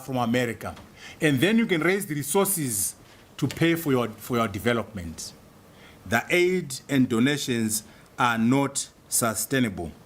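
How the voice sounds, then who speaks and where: A man from Zimbabwe giving an emphatic, rhetorical public speech, repeating key phrases for effect. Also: on the high side. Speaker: speaker.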